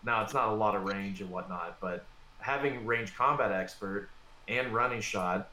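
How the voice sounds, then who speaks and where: A man's voice: lowish voice, moderate pace, bright, forceful tone, reverberant. A man co-hosting a casual chat about a tabletop miniatures game, giving firm advice in a loose, conversational way. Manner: conversational, gives firm advice with filler words. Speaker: podcast co-host.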